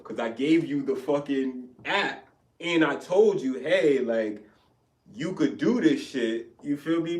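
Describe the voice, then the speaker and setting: A young man telling a story in a casual podcast chat, animated and profane, acting out both sides of an argument. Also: medium pitch, far from the mic. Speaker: podcast co-host. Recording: echoey room, off-mic.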